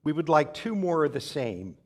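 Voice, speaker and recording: A woman's voice: deep voice, very animated, moderate pace. A man voicing his wife, a patient woman who dryly corrects her husband. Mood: exasperated. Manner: gently exasperated, dry.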